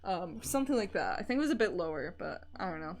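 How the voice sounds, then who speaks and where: A woman's voice: lowish voice, very animated, quick pace. Rambling young woman streamer, laughing. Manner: rambling, laughs often, swears casually, many fillers. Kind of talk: casual chat while drawing on stream.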